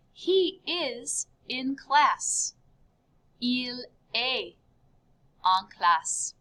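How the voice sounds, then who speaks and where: A woman teaching a beginner French class in an upbeat video lesson, spelling out each form with clear, careful enunciation. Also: on the high side, pushed and bright.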